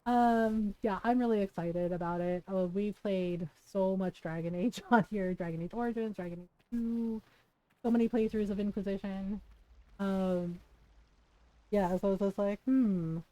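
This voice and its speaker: A woman streaming a video game, chatting casually and telling stories in an animated way, with plenty of swearing. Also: medium pitch, measured pace, no echo, poor audio. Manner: animated storytelling with frequent swearing and laughter. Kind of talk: casual gameplay chat.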